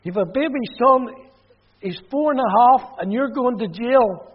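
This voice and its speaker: A man's voice: a little slow, lo-fi sound. A man doing his scolding Northern Irish mother. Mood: pleading. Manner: raised pitch, tearful pleading and scolding.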